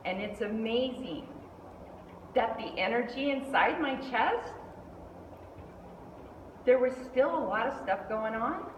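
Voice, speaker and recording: Animated woman telling a story in a hall. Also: on the high side, distant mic, slight background noise. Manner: animated, acts out quoted voices. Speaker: speaker at a speech club. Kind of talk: storytelling speech. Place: meeting hall indoors. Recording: echoey hall, mic from afar.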